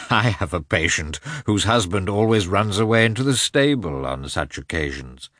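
A man reading an audiobook, voicing a calm, unhurried middle-aged doctor with a gently teasing manner. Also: sits low, dry recording, studio quality. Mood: amused. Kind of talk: audiobook character voice.

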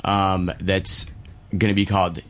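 A man's voice: low voice, little pitch movement, measured pace, fairly bright tone. A man, a chef and restaurateur, chatting on the radio in a rambling, easygoing way. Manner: rambling, easygoing, many fillers. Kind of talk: casual radio chat.

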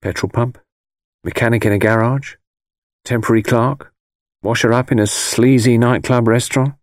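A man's voice: medium pitch, fairly even intonation, normal speed, dry recording, clean studio sound, close to an everyday voice. A male audiobook reader voicing a restless young man who answers in an offhand, slightly defensive way. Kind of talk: audiobook character voice.

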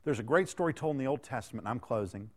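A man's voice: mid-range voice, expressive, racing, a little mellow. A man in his thirties preaching a sermon in a folksy, conversational way, throwing questions out to the congregation. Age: 30s.

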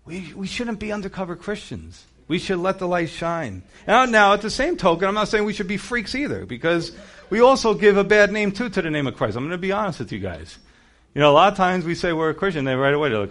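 A man's voice: on the high side, expressive, brisk, a bit bright. A man preaching a sermon in a conversational way, acting out quoted voices as he goes. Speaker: pastor.

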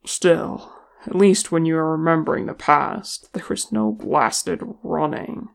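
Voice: mid-range voice, unhurried, gravelly. A reader voicing a grumbling dwarf warrior. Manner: blunt and grumbling. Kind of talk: fan fiction audiobook reading.

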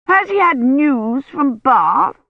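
A woman narrator voicing a suspicious medieval noblewoman who asks slow, prying questions. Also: high voice, lively intonation, no room sound, pitched above the performer's own voice, full character voice. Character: imperious noble lady, sister-in-law, suspicious. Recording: dry, dull lo-fi audiobook recording.

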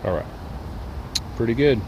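A man's voice: mid-range voice, expressive, moderate pace, muffled recording, noisy background. An older man rambling on a city street into a small wire mic, profane and irritable, talking to himself and the camera. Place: outdoors on a city street with traffic. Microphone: small wire mic worn on body. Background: passing cars and motorcycles.

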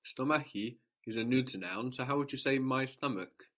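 A man's voice: medium pitch, fairly even intonation, normal speed, a bit bright. A man teaching a language lesson, patiently prompting his student and repeating the answers.

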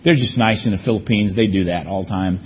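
A man's voice: on the low side, fast, slightly rough, lo-fi sound. A man preaching a sermon, telling personal stories with emphatic, varied delivery. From United States.

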